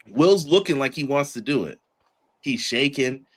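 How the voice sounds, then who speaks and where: A man hosting a podcast, reviewing a wrestling show in a casual chat and acting out the wrestlers in quick put-on voices. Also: medium pitch, expressive. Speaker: podcast host.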